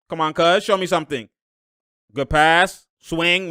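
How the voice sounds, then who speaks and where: A young man giving loud, slangy live reaction commentary on a basketball game, laughing often and breaking into sudden outbursts. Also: a little high, expressive, takes it slowly, dry recording, studio quality.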